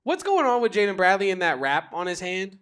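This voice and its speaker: A chatty man co-hosting a basketball postgame show, asking questions with playful curiosity. His voice sits high for a man. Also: big pitch swings, fairly quick, fairly bright tone, smooth. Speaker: co-host. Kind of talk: casual postgame chat.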